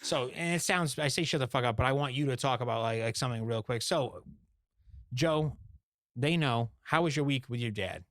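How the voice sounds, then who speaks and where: A man's voice: mid-range voice, normal speed, fairly bright tone, dry recording, studio quality. A young man co-hosting a podcast, interrupting his co-host with emphatic, swearing remarks full of "like". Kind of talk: casual chat.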